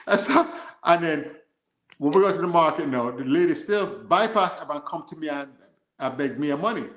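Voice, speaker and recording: American football coach, slightly higher-pitched male voice, chatty storyteller who laughs a lot, roomy echo on the recording. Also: lively intonation, moderate pace, a bit bright. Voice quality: laughs often while telling anecdotes. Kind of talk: casual chat, storytelling.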